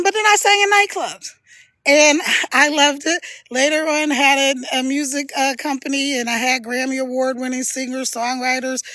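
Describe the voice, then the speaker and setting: Chatty high-voiced woman streamer. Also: a bit bright, no room sound. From Philadelphia, USA. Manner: chatty, laughs often, encouraging. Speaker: live streamer. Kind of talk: casual livestream chat.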